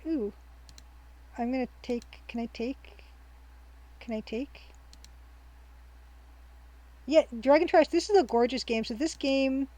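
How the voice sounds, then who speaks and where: This casual let's-play features a woman with a slightly high voice rambling as she plays on stream, restarting sentences and saying "um" as she works things out aloud. Her mood is bright and she laughs readily, though her tone comes across dark and the recording quality is low.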